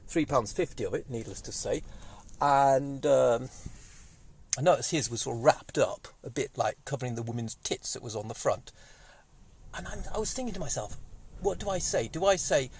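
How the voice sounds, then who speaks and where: A man in his fifties, rambling and excitable in a casual monologue, speaking through a cold. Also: mid-range voice, normal speed, slight background noise. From Wales. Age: 50s. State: has a cold. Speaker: vlogger. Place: indoors, sunny room.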